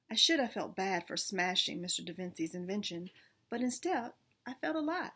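A woman reading a children's storybook aloud in first person, expressive, with small restarts. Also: mid-range voice, moderate pace, husky.

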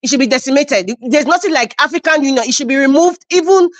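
A woman's voice: high-pitched, quick pace, no room sound. A woman hosting a live-stream commentary show, speaking with passion and repeating phrases for emphasis.

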